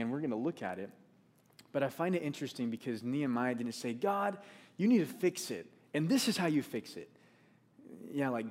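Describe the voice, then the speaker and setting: Man, preacher, sermon, earnest, repeats key phrases, medium pitch. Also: darkish tone. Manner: reads scripture aloud.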